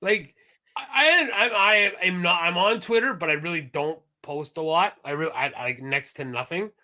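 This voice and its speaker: A man co-hosting a casual podcast, talking in an animated way and swearing freely. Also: sits high, moderate pace. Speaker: podcast co-host.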